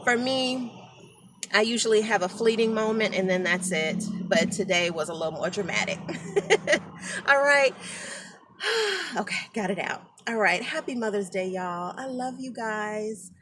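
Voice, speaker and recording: A woman's voice: medium pitch, animated, a little slow, noisy background. A middle-aged woman talking emotionally and rambling to her viewers on a phone live stream. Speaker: natural hair vlogger.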